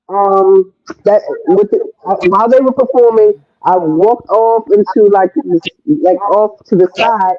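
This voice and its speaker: A woman from Washington D.C., a podcast guest telling a story in casual talk. She is animated, swears freely and jumps high in pitch when quoting herself. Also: no room sound. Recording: dry, phone-like narrow sound.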